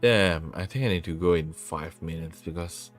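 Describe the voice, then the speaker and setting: A man's voice: deep voice, normal speed, soft background music. Rambling man with a sore throat. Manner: rambling, self-interrupting, laughs often. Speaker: VTuber streamer and host. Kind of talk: casual live-stream chat.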